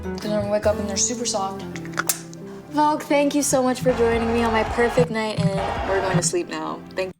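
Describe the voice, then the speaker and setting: A woman's voice: on the high side, fairly quick. A young woman chatting playfully through a tour of her home at night, giggling often. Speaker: singer giving a home tour. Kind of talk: casual video tour. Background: music.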